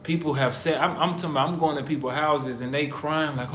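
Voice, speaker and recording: A man's voice: on the high side, steady tone, a little fast, a bit bright. A man from the United States talking casually to camera, emphatic and preacherly, repeating his points. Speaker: vlogger, husband in couple channel. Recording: roomy echo, faint background noise.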